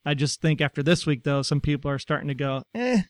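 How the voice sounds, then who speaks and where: Clear-voiced man co-hosting a chat show. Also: fairly high pitch, level tone, quick pace, dry recording, studio quality. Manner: reads listener messages aloud, wry. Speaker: podcast co-host. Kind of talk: casual chat.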